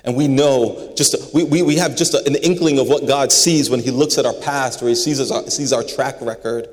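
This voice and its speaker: A man's voice: medium pitch, normal speed. A man preaching a sermon in an earnest way, often repeating words as he stresses a point. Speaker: pastor. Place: large building. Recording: long reverb of a large hall.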